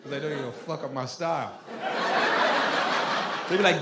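A male stand-up comedian on a club stage, delivering a loud, animated, profane set. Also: a little high, normal speed. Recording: roomy club with crowd laughter and noise.

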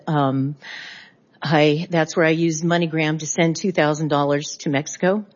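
A middle-aged woman from California speaks as a witness at a hearing, her voice sitting low. She talks haltingly and pauses to restart her sentences. The recording sounds dull and lo-fi. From California, USA. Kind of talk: spoken testimony.

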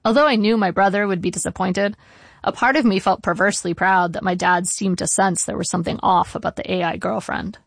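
Gravelly woman reading a memoir. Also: mid-range voice, steady tone, dry recording, clean studio sound. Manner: measured, wry storytelling. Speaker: narrator. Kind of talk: reading a personal memoir aloud.

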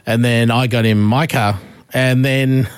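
A man's voice: unhurried, clean tone, no room sound, studio quality. An Australian man co-hosting a radio show, telling a story in casual chat. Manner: animated storyteller, jumps high to act out shouted quotes. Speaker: radio co-host.

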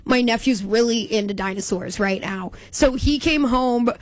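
A woman's voice: on the high side, normal speed, no room sound. A young woman co-hosting a casual chat, telling playful stories and acting out bits with voices. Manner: animated, playful storyteller who acts out voices.

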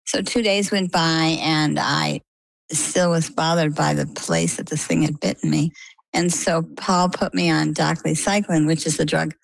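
Interview guest, middle-aged woman, animated storyteller, deep and a little fried, close dry sound. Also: a little slow, creaky, no echo, rough recording. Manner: animated, lively retelling. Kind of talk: conversational storytelling.

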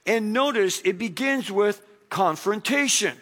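High-voiced man preaching a sermon. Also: unhurried. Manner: animated storytelling, acts out quoted voices. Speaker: pastor.

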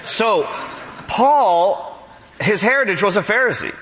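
A male pastor preaching a sermon, animated, acting out the people he quotes. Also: sits high, slow pace, big-room sound, a little hiss or hum, poor audio.

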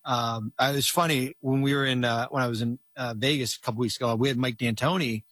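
A middle-aged man tells a long, winding story in a relaxed chat, often restarting his sentences and stacking fillers. His voice sits at an everyday pitch and sounds close and dry, with no room around it. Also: fast talker, no room sound. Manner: rambling, with many restarts and fillers. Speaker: guest telling a story.

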